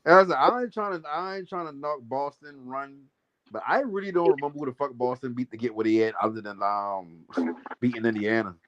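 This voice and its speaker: A man in a casual sports chat, animated and slangy. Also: mid-range voice, normal speed. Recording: dry, dull lo-fi audio.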